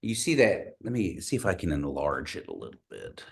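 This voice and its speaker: A man teaching an online language class over a video call, patiently repeating words slowly for learners. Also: very deep voice, wildly swooping pitch, vocal fry.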